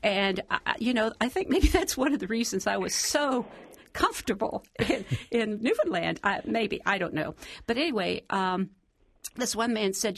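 A woman from Southeast Ohio, a guest on a radio show, telling her story in a chatty, animated way and quoting the people she met. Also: medium pitch, moderate pace, vocal fry, no echo. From Southeast Ohio, USA. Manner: chatty, animated retelling with quoted dialogue and laughs.

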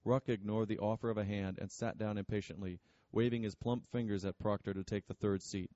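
A man narrating an audiobook in a steady, measured way, with a low voice. His tone is warm and mellow. The recording is dry and a little dull. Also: dry recording.

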